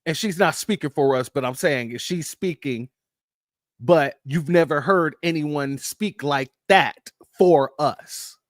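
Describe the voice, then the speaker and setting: A man's voice: fairly high pitch, slow pace, no echo, studio quality. A man hosting a casual political commentary show, emphatic and talking straight to his viewers as family.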